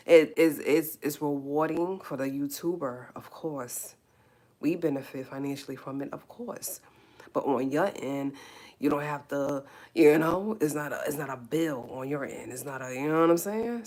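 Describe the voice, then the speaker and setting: A woman's voice: extremely low pitch, darkish tone. A woman YouTuber and painter chatting casually on a livestream, emphatic and emotional, repeating her phrases over and over.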